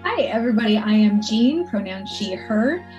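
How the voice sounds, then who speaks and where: A woman introducing herself as a new player in a tabletop game, friendly and excited. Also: mid-range voice, normal speed, highs cut off, faint music behind. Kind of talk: casual chat.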